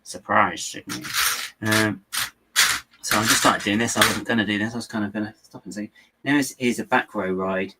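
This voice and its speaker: A man's voice: lowish voice, brisk, sharp tone, a little hiss or hum. A man with a rambling, self-mocking way of talking, chatting casually and chuckling while he builds LEGO and answers viewers. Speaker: LEGO builder and channel host.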